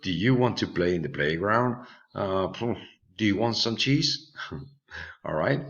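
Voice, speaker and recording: A man's voice: deep voice, lively intonation, slow pace, long pauses, a bit bright. A male English teacher with a Spanish accent giving a patient online lesson for children, with many fillers and repeated words. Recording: dull lo-fi recording.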